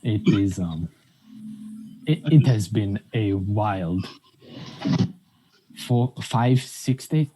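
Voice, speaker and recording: A man's voice: on the low side, very slow, pauses often, warm tone, breathy edge, faint music behind, low-quality recording. A man playing a character in a tabletop game, hesitant and chatty. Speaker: player.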